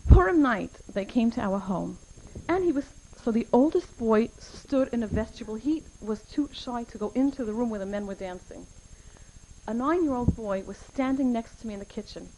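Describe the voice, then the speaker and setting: A woman's voice: on the high side, animated, moderate pace, dark tone, a little hiss or hum, rough recording. A middle-aged woman giving an earnest talk at a community event, telling personal stories and using Hebrew and Yiddish terms.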